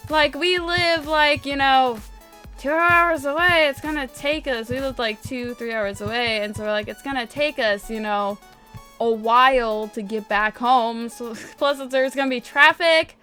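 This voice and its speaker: A young woman from northwest Indiana chatting excitedly while she plays a game, full of "like" fillers. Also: high voice, unhurried, soft background music. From northwest Indiana, USA. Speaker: gaming vlogger. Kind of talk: casual storytelling over gameplay.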